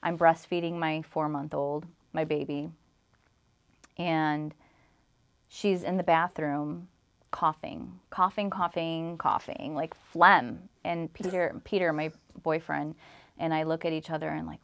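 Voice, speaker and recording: A woman's voice: deep voice, steady tone, measured pace, vocal fry, clear, resonant tone. A young woman from Illinois telling an emotional personal story as an interview guest, rambling with many "like"s and acting out what others said. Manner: rambling storytelling, full of "like", acts out quoted exchanges.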